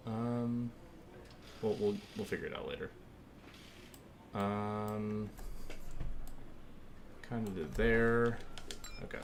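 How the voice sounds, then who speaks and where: A man's voice: on the low side, slow pace, pauses often, slight background noise. A man streaming casually, rambling with lots of fillers as he thinks aloud and thanks viewers while he works. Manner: rambling, filler-heavy, easygoing. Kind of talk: casual live-stream chat.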